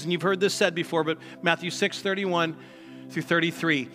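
A man's voice: fairly high pitch, steady tone, normal speed, pushed and bright, big-room sound, soft background music. A male pastor preaching a sermon in a conversational way, with sarcastic asides.

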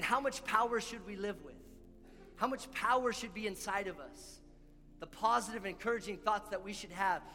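A man's voice: high voice, bright, forceful tone. A man preaching a sermon as pastor, earnest and repeating key lines for emphasis. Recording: long hall reverb with faint music.

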